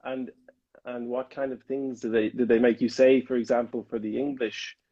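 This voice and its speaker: A man's voice: medium pitch, little pitch movement, moderate pace, mellow, dull audio. A man hosting a casual interview chat, rambling and playful with many restarts. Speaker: podcast host. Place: Amsterdam.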